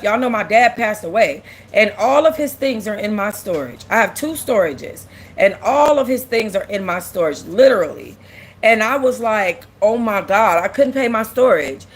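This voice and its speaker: Her voice is a little high, with lively intonation and a normal speed. She's a young livestream host talking emotionally and openly, close to crying, going over the same points and answering comments from viewers that she reads aloud.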